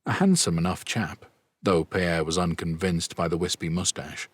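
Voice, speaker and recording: A man narrating a fantasy audiobook in a steady, even storytelling manner. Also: low-pitched, normal speed, husky, no room sound. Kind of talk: scripted narration.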